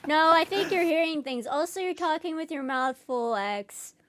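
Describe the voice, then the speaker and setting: Brief: woman player, slightly high voice, teasing, trips over her words. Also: moderate pace, a bit bright, slight background noise. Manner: teasing, stammers when unsure. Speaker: player and channel host. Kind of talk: casual tabletop game chat.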